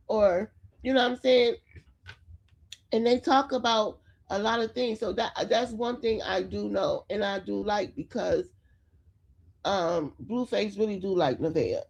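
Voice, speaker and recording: Speaking directly to viewers, a female commentary vlogger gives chatty, opinionated takes on celebrity gossip. Her mid-range voice is creaky and a little mellow, and she takes her time. The highs are cut off in the recording.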